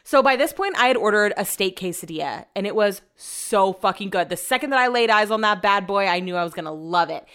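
A young woman tells a rambling everyday story in a casual, profane, animated way, slipping into quick voices for the people in it. Her voice is smooth and clear, with a pitch right in the middle for a woman. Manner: chatty, profane, animated retelling. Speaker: vlogger.

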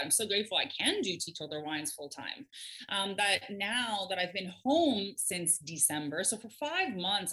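A woman talking as a podcast guest in casual chat, animated, laughing often and swearing freely. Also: medium pitch.

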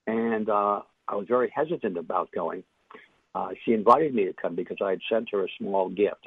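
Deep, gravelly older man over a tinny phone line. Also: dry recording. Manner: reflective, halting with many fillers and restarts. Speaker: interview guest, author. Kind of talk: casual storytelling interview.

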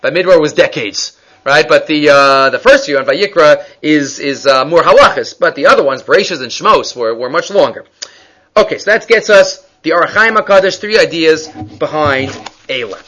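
Guy teaching a torah class, reads hebrew texts then explains in english, pretty high bright voice. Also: lively intonation, moderate pace. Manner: mixes Hebrew terms into English, reads sources aloud. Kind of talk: text-based Torah class.

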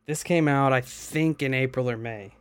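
Brief: male podcast host, reads posts in an even voice, dead-dry studio sound. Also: medium pitch, normal speed, smooth, no echo. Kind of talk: reading aloud and casual chat.

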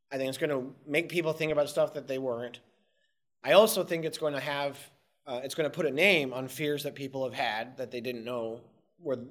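Guy from montreal ranting in an interview, kinda high voice, swears a lot, keeps restarting his sentences. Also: fairly bright tone. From Montreal, Canada. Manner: passionate, rambling, swears freely. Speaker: guest. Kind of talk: candid interview talk.

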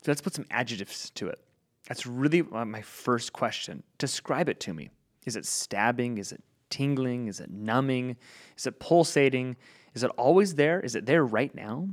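A man who works as a movement practitioner, explaining in relaxed conversation how he questions clients about pain and acting out what he says to them. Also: mid-range voice. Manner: animated, acts out client dialogue.

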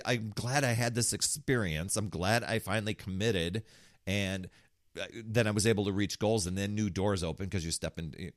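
A man's voice: on the low side, no room sound, clean studio sound. A man hosting a podcast, telling a story in a casual, motivational way with frequent restarts. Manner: storytelling, animated, restarts often. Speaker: podcast host.

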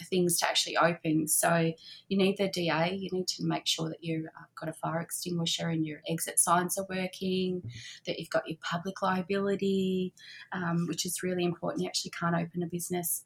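A middle-aged woman, chatting casually as an interview guest, with lots of fillers and a husky voice. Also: on the low side. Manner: chatty, warm-hearted, many fillers and soft laughs. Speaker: guest, handmade boutique owner. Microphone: remote call.

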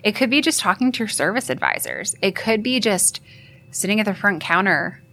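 A woman guest on a live podcast, talking chattily and lively about her field. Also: mid-range voice. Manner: lively, chatty, quick to laugh. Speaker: marketing guest. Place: expo hall.

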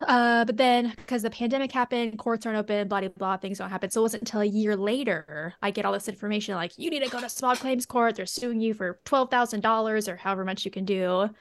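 A woman's voice: mid-range voice, fast, hardly any pauses. A woman telling a personal story in a rambling, casual way, full of asides and quoted reactions. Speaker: podcast co-host.

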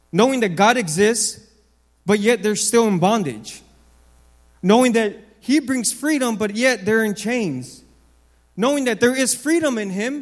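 A man with a high voice preaches a sermon in a large hall with a long reverb tail. He hammers his points through repetition and swings between loud, lifted phrases and low, quiet ones.

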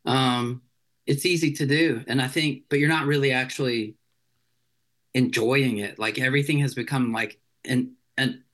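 A man's voice: medium pitch, steady tone, moderate pace, a bit bright. A man, a chef, chatting casually as an interview guest in a rambling, loose way full of filler words.

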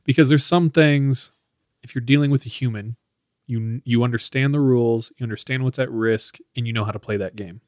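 A man of ordinary pitch talks through his thoughts in a casual podcast chat, restarting phrases and adding emphatic asides. His voice sits close and dry, with no room sound. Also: brisk, darkish tone, dry recording. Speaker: podcast co-host.

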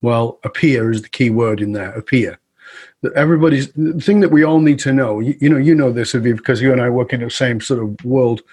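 Husky man telling a story. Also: mid-range voice, fast, few pauses. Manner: animated storyteller who acts out quoted dialogue. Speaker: guest speaker and coach. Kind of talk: storytelling in a conversational interview.

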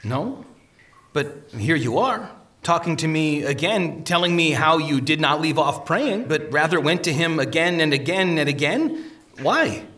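A man voicing a calm, steadfast pilgrim. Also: a little high, a little slow, far from the mic. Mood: gentle. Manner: calm, gently questioning.

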